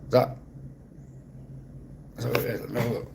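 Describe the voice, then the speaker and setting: A man's voice: mid-range voice, little pitch movement, a little fast, gravelly, noisy background. A man with a Manchester accent, chatting casually on a livestream and answering his chat with dry sarcasm. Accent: Mancunian. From Manchester, England. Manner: laid-back, dry and sarcastic, swears casually. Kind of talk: casual live-stream chat.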